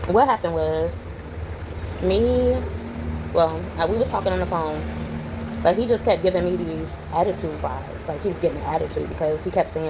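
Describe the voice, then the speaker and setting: A young adult woman, chatting casually to camera at home as a vlogger and telling stories in a lively way. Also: lowish voice, moderate pace, background noise. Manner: chatty storytelling, animated when retelling. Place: home, indoors.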